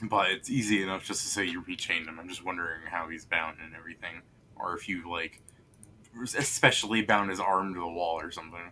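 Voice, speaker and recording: A man with a fairly low, bright and forceful voice runs a tabletop game session. He is dry and teasing, and he keeps asking the players what they do. A faint rumble sits underneath. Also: steady tone, a little fast. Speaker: game master.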